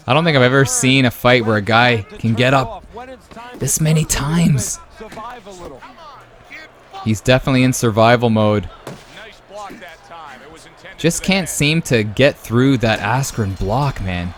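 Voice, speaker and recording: A man calls a simulated boxing match from a video game in a loose, chatty play-by-play. He breaks into loud exclamations when the punches land and peppers his talk with "man" and "brother.". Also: medium pitch, unhurried, long pauses. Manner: excitable, jumps to loud exclamations at big moments; casual, says "man" and "brother". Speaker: YouTube sports host.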